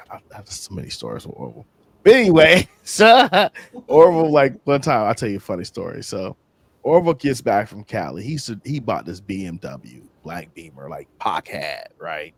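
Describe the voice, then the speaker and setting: A man with a fairly low voice tells casual stories as an interview guest. His pitch swings widely, and he acts out the people in his stories with slangy flair. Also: slightly rough. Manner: animated, slangy, acts out other people's lines. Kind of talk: casual storytelling.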